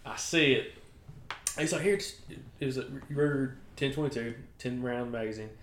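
A young man co-hosting a hunting podcast, telling a story with lively laughter and acted-out voices. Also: mid-range voice, moderate pace, echoey room, slight background noise. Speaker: podcast co-host. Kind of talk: casual chat.

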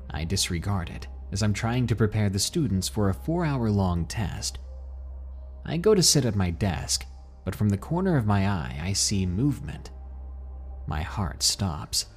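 A man narrating a scary first-person story for a podcast in a measured, suspenseful way. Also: fairly low pitch, breathy edge. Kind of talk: scripted horror narration. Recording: soft music behind.

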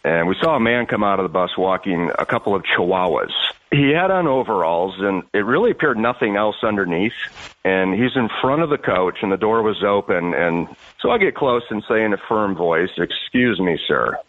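A man's voice: lowish voice, a little fast, narrow, tinny audio. A male law enforcement officer calling in to a radio show, telling an anecdote with frequent chuckles. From Arizona. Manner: chuckles through his story, relaxed storyteller.

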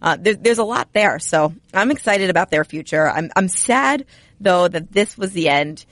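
A woman's voice: fairly low pitch, moderate pace, dry recording. Chatty woman, dry close sound. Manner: chatty, animated storyteller. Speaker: hockey podcast co-host. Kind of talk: casual sports chat.

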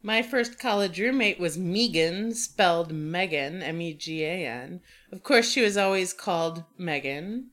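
A woman's voice: lowish voice, animated, measured pace, few pauses, a bit bright. A woman co-hosting a podcast, chatting in a teasing, giggly way. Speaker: podcast co-host. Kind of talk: casual podcast chat.

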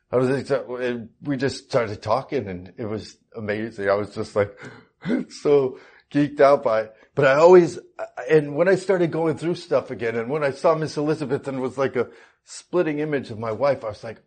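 A man's voice: mid-range voice, animated, moderate pace, darkish tone. A man being interviewed, chatting casually and telling stories with easy laughter. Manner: laid-back, laughing, chatty storyteller. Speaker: guest, actor.

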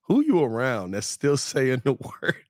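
A man co-hosting a sports podcast in a casual, animated way, his voice slightly hoarse. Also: mid-range voice, unhurried, no echo, studio quality. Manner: animated, laughs often, reads sponsor ads. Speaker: podcast co-host.

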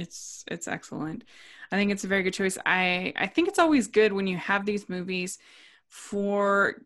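A woman co-hosting a casual movie podcast, giving thoughtful, measured opinions. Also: mid-range voice, a bit bright. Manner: thoughtful, measured, with small restarts.

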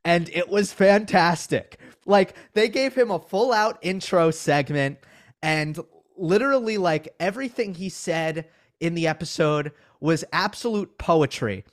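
A man's voice: high voice, expressive, measured pace. A man co-hosting a sports recap podcast, chatting casually in an emphatic, teasing way. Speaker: podcast co-host. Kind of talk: casual chat.

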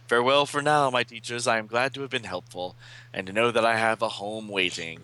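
A man voicing a gentle, noble female witch, speaking formally during a comic read-aloud. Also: lowish voice, steady tone, a little fast, clear, resonant tone, rough recording. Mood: gracious. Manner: formal, gracious.

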